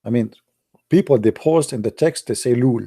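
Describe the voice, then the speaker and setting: A man with an Arabic accent telling stories in broken English, speaking Arabic as his first language, and jumping up high and excited for his punchlines. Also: normal speed, slightly rough. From Arab world. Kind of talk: animated storytelling monologue.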